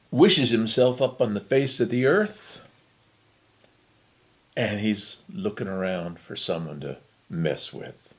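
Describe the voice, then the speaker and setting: An older man telling a story in a relaxed, chatty, folksy way. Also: lowish voice.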